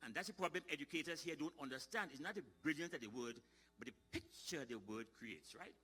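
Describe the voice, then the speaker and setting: A man's voice: on the high side, slightly rough. A middle-aged man, telling folksy comic stories on stage at a ceremony. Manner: lively, folksy, quick to shift into voices. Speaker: storyteller and comedian. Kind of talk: live comic storytelling.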